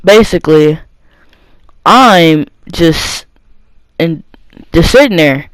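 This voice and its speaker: Young teen boy rambling thru a storytime, high smooth voice, dry close sound. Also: expressive, slow, a bit bright, no echo, low-quality recording. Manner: rambling, many fillers and restarts. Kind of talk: casual storytime monologue.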